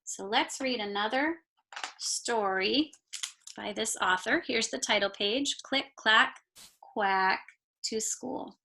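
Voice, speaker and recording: A woman teacher reading a picture book aloud to her class, slow and expressive, stopping to point out the pictures. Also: on the high side, gravelly. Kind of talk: read-aloud storytime.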